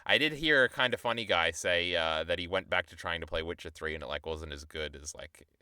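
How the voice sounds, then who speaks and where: A man's voice: low-pitched, fairly quick, pushed and bright, smooth, no room sound, clean studio sound. A young man streamer rambling in a casual, profane, self-deprecating way while he chats to his viewers.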